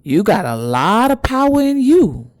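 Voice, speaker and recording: An old spirit-guide woman speaks with a knowing, teasing drawl, as a woman puts her on. Her voice is pitched well above the speaker's own. The recording is dry and close. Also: sing-song, measured pace, a little mellow, no echo. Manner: drawling, sassy exclamations.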